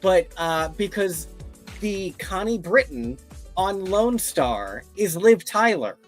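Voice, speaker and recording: A man's voice: sits high, animated, takes it slowly, faint music behind. A man co-hosting a casual podcast, tossing in dry, wry asides. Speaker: podcast co-host. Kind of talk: casual chat.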